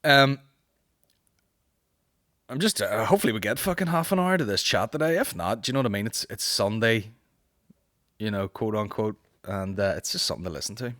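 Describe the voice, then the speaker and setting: A man's voice: lowish voice, expressive, bright, forceful tone, no room sound, clean studio sound. A man with a Northern Irish accent hosting a casual podcast, rambling and swearing while answering listener questions. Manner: rambling, profane, with quick mocking impressions. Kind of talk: casual chat.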